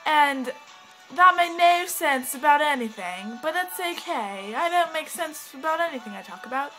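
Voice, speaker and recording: High bright bubbly woman in a put-on English accent. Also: animated, normal speed, soft background music, rough recording. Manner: bubbly, scattered, giggly, self-interrupting. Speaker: vlogger. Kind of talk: rambling casual vlog talk. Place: at home indoors, with a cat.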